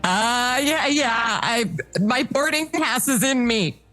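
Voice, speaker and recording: A woman's voice: a little high, expressive, slow pace, pushed and bright, soft background music, pitched above the performer's own voice, full character voice. A woman playing a frantic woman traveler who rambles out excuses to a border officer. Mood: panicked. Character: panicky woman traveler with a tiger.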